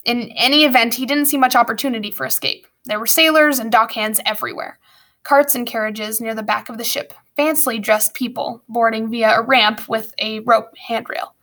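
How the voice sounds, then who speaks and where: Woman narrating a storybook, slightly high voice. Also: fairly even intonation, normal speed, sharp tone. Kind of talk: audiobook narration.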